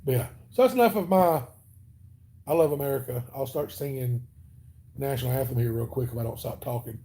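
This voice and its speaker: A man's voice: medium pitch, moderate pace, long pauses, dark tone. A man with a Southern US accent chatting casually on a livestream, rambling and joking with his viewers as he reads their comments. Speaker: livestream host.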